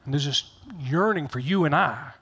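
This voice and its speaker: A man's voice: a little high, normal speed, fairly bright tone, slightly rough, muffled recording. Folksy middle-aged man preaching. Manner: folksy and joking, repeats phrases for emphasis. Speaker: pastor. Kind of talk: conversational sermon.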